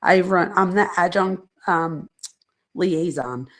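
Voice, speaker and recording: A woman's voice: on the low side, takes it slowly. A middle-aged woman, a psychologist, chatting casually on a live stream, reading viewer comments aloud and rambling off on side points.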